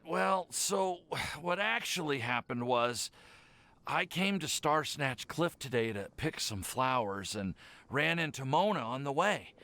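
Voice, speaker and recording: A man's voice: fairly high pitch, expressive, measured pace, pushed and bright. An actor voicing a nervous, lovestruck young man in a game, who stammers when flustered. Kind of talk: game voice acting.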